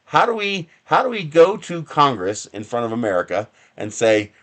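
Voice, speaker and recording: A man's voice: medium pitch, sing-song, moderate pace, few pauses, a bit bright. A man hosting a casual live stream from his home workshop bench, rambling and chuckling with sarcastic asides. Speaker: livestream host.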